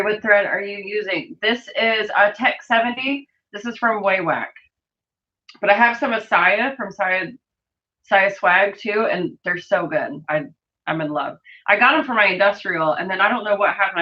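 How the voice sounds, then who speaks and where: A woman's voice: mid-range voice, moderate pace, pushed and bright, lo-fi sound. A woman hosting a sewing livestream, chatting casually and reading viewer comments aloud as she works.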